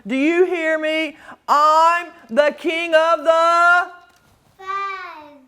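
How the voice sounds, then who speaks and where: A woman voicing Big Bark, a boastful male prairie dog who snarls and barks loudly in a children's storybook reading. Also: very high-pitched, steady tone, drawn-out words, pitched above the performer's own voice, heavily acted. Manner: snarling, loud and blustering.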